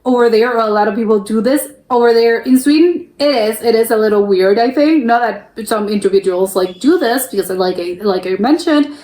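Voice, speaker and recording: A woman's voice: fairly high pitch, fairly quick, mellow. A young woman from the United States hosting a reaction video, rambling casually with lots of fillers and restarts. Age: young adult. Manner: rambling, full of fillers and restarts, laughs easily. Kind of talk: casual chatty reaction commentary. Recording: echoey room.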